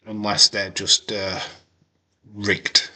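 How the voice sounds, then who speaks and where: A man giving chatty live reaction commentary on a wrestling show, with sudden bursts of excitement. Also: on the low side, extremely slow. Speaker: wrestling watch-along streamer.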